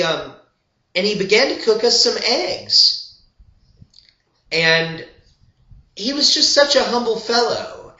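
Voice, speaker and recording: An older man spins a meandering, humorous yarn, his voice pitched high and bright. He keeps drifting into side stories before finding his way back. The recording has a roomy echo and sounds a little dull. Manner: meandering, full of digressions and asides. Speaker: storyteller and old-time fiddler. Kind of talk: rambling humorous storytelling. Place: at home.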